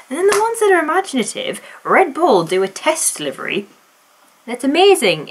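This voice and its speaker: A woman's voice: a little high, slight background noise. A woman vlogging casually, chatty and enthusiastic, rambling through her opinions with restarts.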